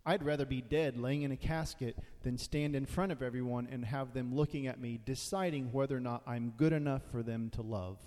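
A man's voice: mid-range voice, fairly quick, hardly any pauses, dark tone. A man preaching a sermon in a conversational way, now and then acting out quoted voices. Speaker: pastor. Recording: long hall reverb.

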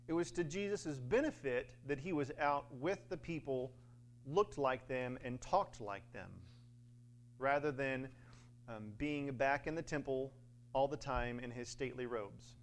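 A man's voice: mid-range voice, unhurried, slight background noise. A man preaching a sermon in a conversational way, with fillers and little acted-out quotes.

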